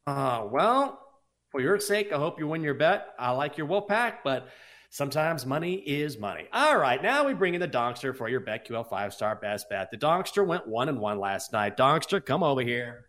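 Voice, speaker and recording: Male betting show co-host, casual and self-mocking, very lively delivery. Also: mid-range voice, normal speed. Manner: animated, self-deprecating banter. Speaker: sports betting podcast co-host. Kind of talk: casual sports betting chat.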